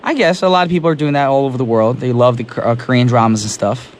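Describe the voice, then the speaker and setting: A man's voice: medium pitch, fast, slight background noise. A young man hosting a radio show, chatting casually with a caller and recovering from a sore throat. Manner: energetic, chatty, laughs easily. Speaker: radio DJ host. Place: radio studio. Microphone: studio microphone.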